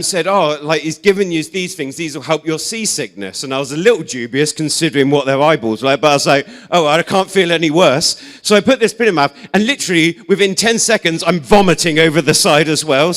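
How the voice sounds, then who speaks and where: A young English man preaching in a casual, chatty way. He tells humorous stories with lots of "like" and "um" and pokes fun at himself. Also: a little high. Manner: chatty, self-deprecating, animated storyteller with many "like"s and "um"s. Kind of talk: casual storytelling sermon.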